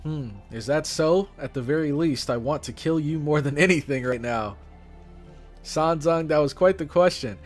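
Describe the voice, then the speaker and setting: A proud pharaoh king speaks with cold, measured arrogance from a game's story, as a man puts him on while reading aloud. The voice sits lower and quieter than the reader's usual tone. Faint music plays underneath. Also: close to an everyday voice. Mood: haughty. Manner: haughty, cold, deliberate. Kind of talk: reading game dialogue aloud.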